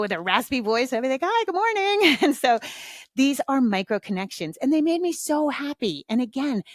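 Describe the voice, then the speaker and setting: A woman's voice: fairly high pitch, no room sound, clean studio sound. Frank, swearing podcast host woman. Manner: frank, swears freely, acts out little dialogues. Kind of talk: casual solo podcast talk.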